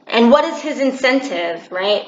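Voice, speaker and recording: A woman giving a preachy, animated opinion monologue for her vlog, in a dull, roomy home recording. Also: on the high side, measured pace. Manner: preachy, animated, acts out quotes. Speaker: commentary vlogger.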